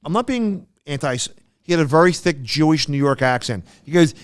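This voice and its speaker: A middle-aged man co-hosting a podcast, telling stories in a casual, animated way with frequent restarts. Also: fairly high pitch, brisk, smooth, no echo, studio quality. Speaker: podcast co-host. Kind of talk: casual chat.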